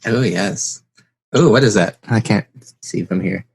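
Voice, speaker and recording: A man's voice: lowish voice, a little slow, vocal fry, breathy edge. A man hosting a podcast in casual chat, playful and teasing with his guest. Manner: playful, teasing, jumps into silly voices. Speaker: podcast host.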